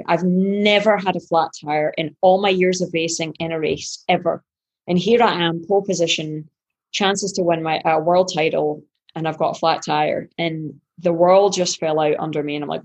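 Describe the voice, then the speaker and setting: A woman's voice: fairly low pitch, normal speed, breathy edge. A woman triathlete guest telling a story in an interview, acting out her own past thoughts with animation.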